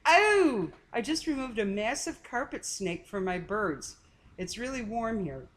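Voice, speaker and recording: A woman's voice: on the high side, sing-song, measured pace, slight background noise. A woman co-hosting a casual live stream, greeting viewers by name and teasing her husband. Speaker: co-host reading chat.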